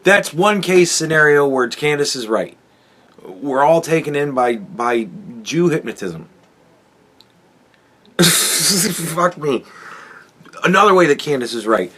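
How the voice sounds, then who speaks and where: A man's voice: on the high side, expressive, slow pace, pauses often, fairly bright tone. A man hosting a solo commentary podcast, ranting in a profane, sarcastic, exasperated way. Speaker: podcast host.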